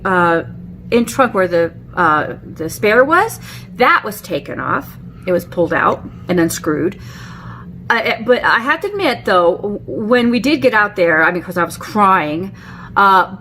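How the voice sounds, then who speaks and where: A woman's voice: medium pitch, pushed and bright, a little hiss or hum. A middle-aged woman vlogger telling a personal story in a chatty way, with many fillers and restarts, acting out the quotes. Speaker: beauty vlogger. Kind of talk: casual storytelling.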